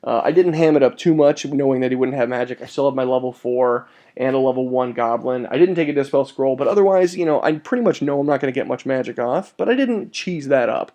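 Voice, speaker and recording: A man narrating a tabletop wargame battle report in a casual, excitable way, with sudden jumps in pitch and casual swearing. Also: fast talker, hardly any pauses, muffled recording.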